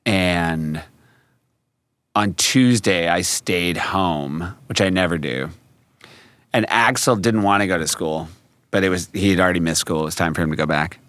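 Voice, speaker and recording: A man in his thirties, co-hosting a podcast in casual chat and telling lively stories about his kids. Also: deep voice, moderate pace, no room sound. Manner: animated storyteller, mimics his kids. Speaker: podcast co-host.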